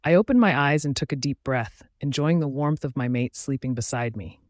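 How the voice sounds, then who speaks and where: A man reads a first-person audiobook in a casual, conversational manner. His pitch sits in the middle, and the recording is close and dry. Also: fairly quick, no room sound. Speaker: audiobook narrator.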